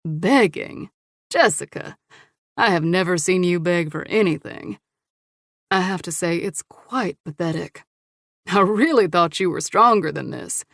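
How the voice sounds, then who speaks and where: A woman's voice: fairly low pitch, a little slow, creaky, fairly bright tone, no room sound, clean studio sound. A woman voicing a menacing, smirking male killer in an audiobook, taunting and cold. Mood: mocking.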